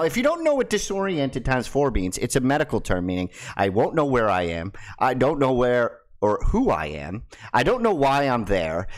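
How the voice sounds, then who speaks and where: A man hosting a casual crypto video, excitable and swearing, his voice jumping high and loud when he gets hyped. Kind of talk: casual talk to camera.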